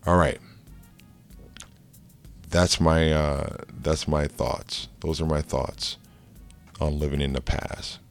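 Deep gravelly man coaching casually. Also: takes it slowly, pauses often, soft background music. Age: adult, married with kids. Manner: energetic and jokey, loose with fillers. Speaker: life coach. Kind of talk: casual motivational vlog talk.

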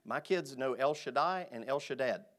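A male pastor delivering a sermon, speaking emphatically and swinging from quiet asides to loud, stressed phrases. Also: mid-range voice, normal speed.

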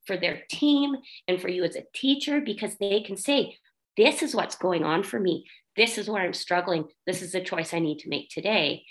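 A woman's voice: mid-range voice, fairly bright tone, rough recording. A woman guest in a casual podcast interview, talking earnestly and telling a heartfelt story about her daughter.

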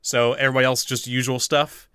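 A man's voice: mid-range voice, little pitch movement, quick pace, fairly bright tone, clean tone, no echo, clean studio sound. A man running a tabletop game as game master, rambling with fillers, swearing casually and laughing often.

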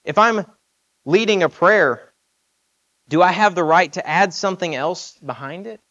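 A man's voice: high voice, measured pace, a bit bright, dull audio. A man preaching a sermon in an earnest, emphatic way, asking rhetorical questions.

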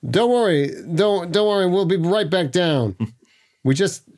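A man's voice: high-pitched, lively intonation, darkish tone, voice pushed up. A man doing a nervously cheerful salesman. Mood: forced cheer. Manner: hurried, forced reassurance. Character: nervous male Bible salesman covering up.

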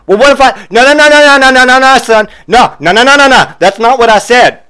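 A man voicing a demanding woman customer who keeps interrupting with rapid repeated words. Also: high-pitched, pitched above the performer's own voice. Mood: shrill, interrupting. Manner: loud, rapid interrupting repetition.

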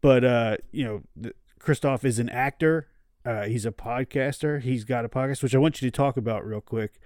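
A man's voice: mid-range voice, moderate pace, darkish tone, no room sound, studio quality. A man hosting a casual podcast, loose and joking, laughing often. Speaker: podcast host.

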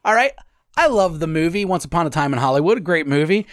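Profane opinionated man, slightly high voice. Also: animated, fast talker, no room sound, studio quality. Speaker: podcast co-host. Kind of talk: casual chat.

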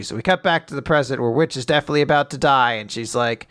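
A man co-hosting a casual podcast, recapping a story and acting out characters' lines in quick put-on voices. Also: medium pitch, a bit bright, no echo, studio quality. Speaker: podcast co-host recapping manga. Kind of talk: casual chat.

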